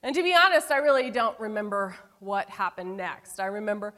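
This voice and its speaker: A woman pastor delivering a sermon, telling a personal story with emphatic phrases that drop to hushed, slow endings. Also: medium pitch, expressive. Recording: long hall reverb.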